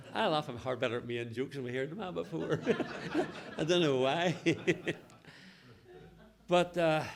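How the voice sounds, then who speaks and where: Older man with gravelly voice. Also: mid-range voice. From Northern Ireland. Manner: chatty, laughing at his own jokes, quoting others. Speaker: local storyteller. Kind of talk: telling local anecdotes to a group.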